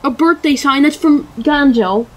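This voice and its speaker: High-voiced giggly woman host. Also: a little slow, a little hiss or hum. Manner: giggly, guiding, reads game text aloud. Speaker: let's play host. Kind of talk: casual gameplay chat.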